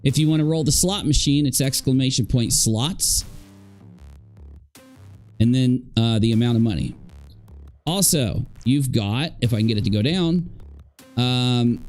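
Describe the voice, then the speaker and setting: A man's voice: mid-range voice, lively intonation, unhurried, long pauses, darkish tone, faint music behind. A man hosting a live stream commentary, chatty with viewers and openly sarcastic and mocking. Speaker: streamer host.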